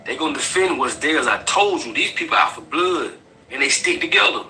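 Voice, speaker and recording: Male commentator, blunt and slangy, bright edgy tone, distant mic with faint music behind. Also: a little high, animated, fairly quick. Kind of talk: casual commentary.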